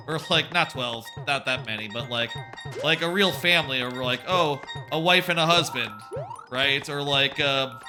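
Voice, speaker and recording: A young man chats casually while playing a game on stream. His voice sits a bit high, and his talk wanders as he swears offhandedly and repeats words whenever he restarts a thought. Game music plays clearly behind him.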